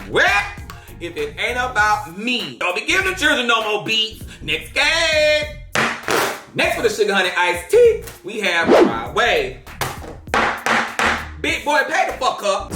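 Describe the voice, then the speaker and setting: A man hosting a drama commentary show, brash and profane, often breaking into shouts. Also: very high-pitched, echoey room. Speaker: host.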